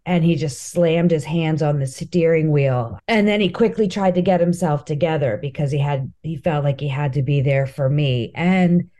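A woman's voice: sits low, normal speed, few pauses, warm tone. A woman comedian as an interview guest, telling stories in a candid, heartfelt way. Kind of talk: casual interview chat.

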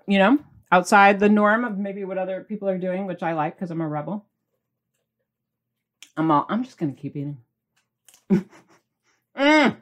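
A woman's voice: mid-range voice, fairly bright tone. A middle-aged woman hosting a casual cooking video, bubbly and chatty, sometimes talking while she eats. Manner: bubbly, chatty, talks with mouth full while tasting. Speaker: cooking channel host.

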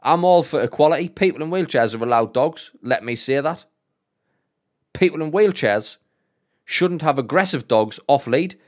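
A Northern English man co-hosting a podcast, telling an animated story full of swearing and frequent laughter. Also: a little high, moderate pace. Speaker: podcast co-host. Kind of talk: casual chat, storytelling.

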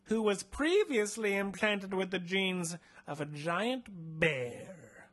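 A man's voice: high-pitched, lively intonation, slow pace, a bit bright, voice pushed up, exaggerated voice. A man putting on a creepy mad doctor. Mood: sinister. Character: creepy thin stooped male mad scientist.

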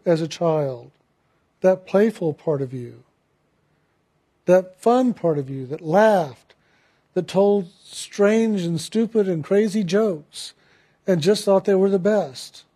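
A man with a notably high voice delivers a spiritual talk. He speaks gently and reflectively, and laughs readily as he recounts a story. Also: takes it slowly. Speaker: spiritual teacher.

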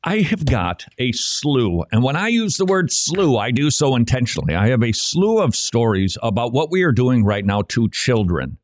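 A man delivers religious commentary as a co-host, his pitch swinging widely as he presses his points. His delivery is emphatic and rhetorical, like a preacher, and the recording is dry and close with no room sound. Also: sing-song, moderate pace, few pauses, no room sound.

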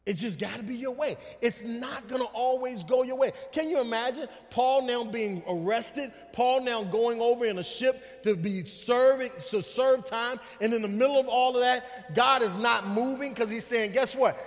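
A man with a very high voice preaching in a church, his sermon ringing through a hall with a long echo. He drives his points home with repetition and calls out to the congregation. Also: moderate pace, few pauses. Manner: emphatic preaching with repetition and call-outs to the congregation. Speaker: pastor. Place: church sanctuary. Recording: long reverb of a large hall.

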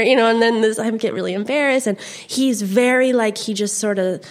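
A woman's voice: a little high, fairly quick. Giggly rambling young woman. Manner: giggly, rambling, full of fillers. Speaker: guest. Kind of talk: casual conversation.

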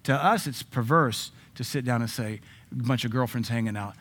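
A man's voice: mid-range voice, normal speed, a bit bright. Joking preacher man with punchy delivery. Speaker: pastor. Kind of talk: sermon.

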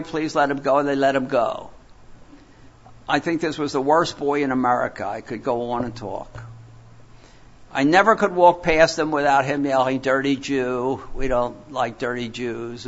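A man's voice: medium pitch, normal speed. An older man from Philadelphia preaching a sermon, telling stories in a rambling, digressive way with many fillers and restarts. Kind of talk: sermon with storytelling. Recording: dull lo-fi recording.

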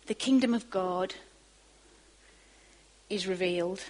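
A woman preaching a sermon, moving from quiet asides to emphatic, rising bursts. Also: medium pitch, takes it slowly, rough recording.

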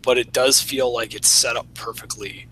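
A man's voice: mid-range voice, steady tone, normal speed, bright, forceful tone, a little hiss or hum, low-quality recording. A man chatting on a podcast in a reflective, analytical way, with occasional chuckles. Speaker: podcast co-host. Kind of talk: casual chat.

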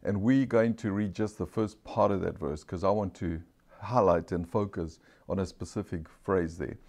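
Here a pastor with a low, darkish male voice and a non-standard English accent is preaching. Key phrases get stressed by slowing right down, and he asks the congregation questions and calls out for amens.

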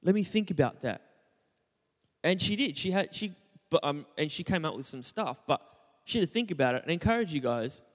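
Big-room sound surrounds this young pastor, whose somewhat high voice moves in lively patterns at a fairly quick clip. He jokes about himself during his conversational sermon and quizzes the congregation.

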